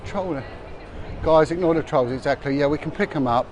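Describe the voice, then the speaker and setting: A middle-aged man with a somewhat high, slightly mellow voice talks fairly quickly while walking busy city streets for a livestream. As a vlogger, he chats and rambles with frequent restarts and fillers, and passers-by and street noise run in the background.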